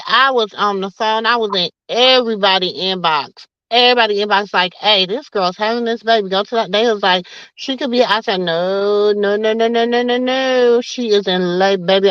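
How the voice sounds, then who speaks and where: A woman's voice: medium pitch, a bit bright, clear, resonant tone, no room sound, muffled recording. A woman, co-hosting a casual late-night chat and talking emphatically, repeating herself for effect. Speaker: podcast co-host.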